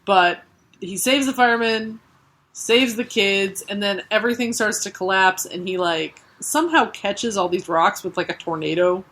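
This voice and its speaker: A woman's voice: medium pitch, normal speed, fairly bright tone. A woman co-hosting a comic book podcast, chattily recapping the story and laughing often. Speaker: podcast co-host. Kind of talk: casual chat.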